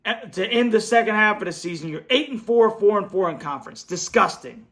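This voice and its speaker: Male fan host, high gravelly voice, blunt frustrated post-game rant at his computer. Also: animated, brisk, a bit bright. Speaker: sports fan show host. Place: home, at a computer. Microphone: computer setup.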